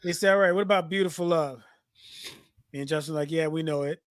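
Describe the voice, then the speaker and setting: A man, co-hosting a podcast and telling lively stories that he acts out in casual chat. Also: a little high, a little fast, no echo, clean studio sound. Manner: animated storyteller, acts out quotes. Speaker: podcast co-host.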